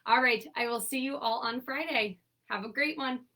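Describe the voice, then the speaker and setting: A young woman leading a seated exercise class, with a raspy morning voice, counting down and giving encouraging cues. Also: on the high side, normal speed, bright, forceful tone, low-quality recording. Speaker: fitness instructor.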